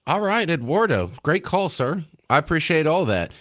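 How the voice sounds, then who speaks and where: An older man hosting a call-in radio show in a studio, loud and animated, with big swings in pitch. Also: moderate pace. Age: older, has granddaughters. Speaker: radio talk show host. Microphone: studio microphone.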